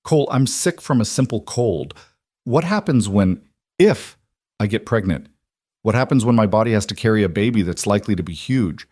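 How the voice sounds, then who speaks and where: A man's voice: fairly low pitch, lively intonation, normal speed, a little mellow, dry recording, clean studio sound. A man voicing a small, frail but stubborn young woman, earnest and pleading, in a storybook reading.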